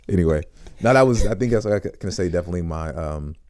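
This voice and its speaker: A young man telling a story in a casual interview, animated and acting out what people said. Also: fast talker. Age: young adult. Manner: animated, acts out quotes in high squeaky voices. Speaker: voice actor guest.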